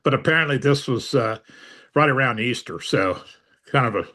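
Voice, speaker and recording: A man's voice: medium pitch, lively intonation, normal speed, bright, forceful tone. An older man recounting old memories in an interview, rambling with many fillers and dry humor. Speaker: interviewee, veteran. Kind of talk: storytelling interview.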